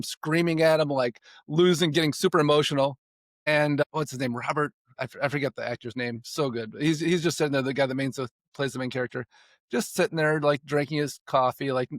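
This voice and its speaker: A man's voice: a little high, no echo, clean studio sound. A man talking casually and reflectively as a podcast guest, rambling with restarts. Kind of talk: casual conversation.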